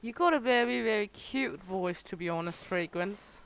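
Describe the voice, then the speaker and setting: A woman's voice: mid-range voice, normal speed, hardly any pauses. Woman teasing her chat while gaming. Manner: chatty, teasing chat regulars by name while playing. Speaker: streamer. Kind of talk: casual livestream chat with viewers.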